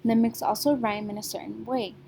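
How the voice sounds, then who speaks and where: A young woman teaching a recorded reading lesson, her voice mellow and soft-edged. She talks in a patient, sing-song classroom way, checking in often with her students. A faint low rumble sits behind her. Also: fairly even intonation, a little fast, vocal fry.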